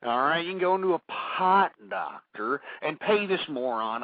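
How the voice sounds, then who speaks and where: A man's voice: fairly high pitch, expressive, normal speed, hardly any pauses, noisy background. Male radio host, panicky, stammers, muffled lo-fi sound. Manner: rattled, rambling, stammering. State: panicked, heart racing. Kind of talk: rambling radio monologue.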